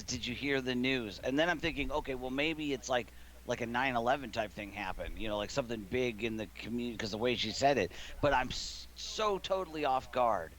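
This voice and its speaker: A man's voice: mid-range voice, a bit bright, slight background noise. A man in his thirties, gaming streamer, telling a rambling story in casual chat from his living room and laughing often.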